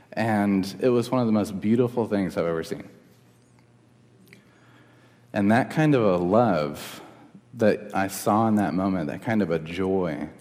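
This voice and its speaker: A man's voice: low-pitched, a little mellow. A young man preaching a sermon as pastor, earnest and conversational, in a church hall. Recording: long reverb of a hall.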